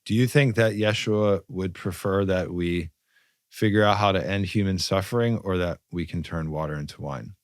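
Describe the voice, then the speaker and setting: A man's voice: low voice, moderate pace, dry recording, clean studio sound. A man speaking as a podcast guest, earnest and searching, with some stammering starts. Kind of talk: casual spiritual conversation.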